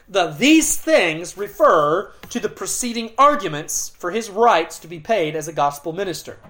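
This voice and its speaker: A middle-aged pastor delivering an expository sermon, earnest and emphatic, with dramatic pauses and occasional restarts. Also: male voice, high-pitched, lively intonation, pushed and bright.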